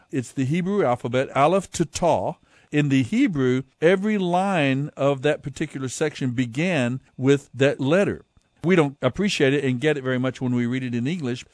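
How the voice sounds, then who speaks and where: A man hosting a bible program, calmly explaining background to the readings in a teaching tone. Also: mid-range voice, dry recording. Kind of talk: teaching introduction.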